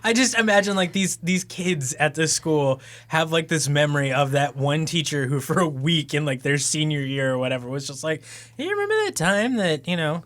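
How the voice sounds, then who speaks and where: A man's voice: a little high, steady tone, normal speed, few pauses, fairly bright tone. A man co-hosting a podcast who chats playfully and riffs on scenes he imagines. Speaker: podcast co-host. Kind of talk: casual chat.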